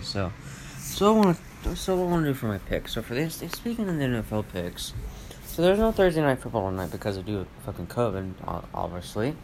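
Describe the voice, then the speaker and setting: A man with a somewhat low voice talks on his own podcast in a loose, meandering rant. He swears constantly and circles back with fillers and false starts. Faint household noise hums behind him at home. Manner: rambling, profane, lots of fillers and restarts. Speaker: podcast host. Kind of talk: rambling solo podcast rant. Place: at home with family around. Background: faint household noise, dogs and TV.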